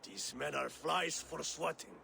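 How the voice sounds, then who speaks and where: A gravelly old Norse jarl. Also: male voice, a little high, a little slow, pushed and bright, full character voice. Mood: commanding. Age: older. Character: aged male Norse jarl, proud and commanding.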